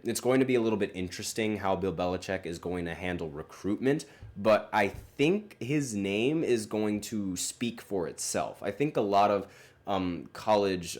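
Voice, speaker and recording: Deep-voiced man, casual solo sports podcast host, hesitant and rambling delivery. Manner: rambling, hesitant, many fillers and self-corrections.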